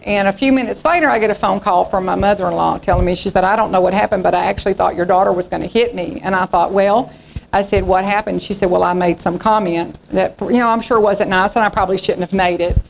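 A woman in her sixties preaches a sermon with a gravelly, slightly creaky edge to her voice. She tells stories in a folksy way and slips into the voices of the people in them. A faint hum sits behind her. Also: medium pitch, fairly even intonation, quick pace, low-quality recording. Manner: folksy storytelling preacher, acting out quoted voices. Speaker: pastor.

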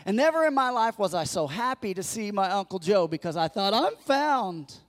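Guy preaching a sunday sermon, high voice, tells funny stories, acts out the lines. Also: a little fast, in a large hall. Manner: storytelling, animated, acts out quotes. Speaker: pastor.

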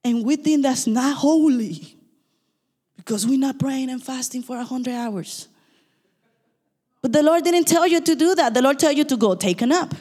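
This is a woman pastor who preaches quickly and emphatically, with a non-native English accent. Her voice sits fairly high, and it carries the long reverb of a church hall. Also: dark tone, slightly rough. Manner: fast, emphatic preaching with asides and apologies. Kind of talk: sermon.

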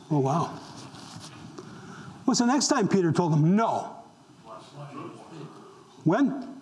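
A man's voice: high-pitched, a little mellow, poor audio. An older man, a pastor, preaching a conversational sermon and asking the congregation questions as he goes.

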